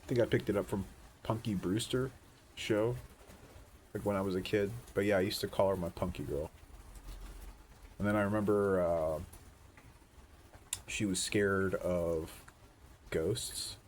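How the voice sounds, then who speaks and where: Deep-voiced man musing to camera. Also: steady tone. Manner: musing, unhurried, casual with swearing. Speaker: vlogger. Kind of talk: reflective rambling monologue. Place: outdoors. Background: faint wind noise.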